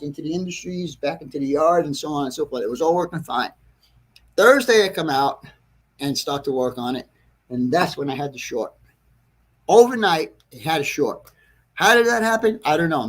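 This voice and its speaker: A man hosting a casual livestream about his model railroad, rambling and correcting himself, clearing his throat often, frustrated with a problem. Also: fairly high pitch. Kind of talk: casual livestream chat to viewers. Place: train layout room at home.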